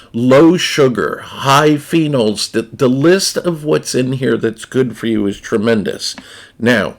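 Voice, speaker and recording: A man's voice: medium pitch, creaky. A man, chatting casually to viewers in a blunt, profane, rambling way. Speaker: gaming streamer reviewing a snack. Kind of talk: casual unscripted chat to viewers.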